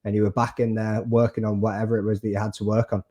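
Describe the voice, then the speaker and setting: A man's voice: lowish voice, flat delivery, fast talker, mellow. A man hosting a podcast interview, asking chatty, encouraging questions and calling his guest "mate".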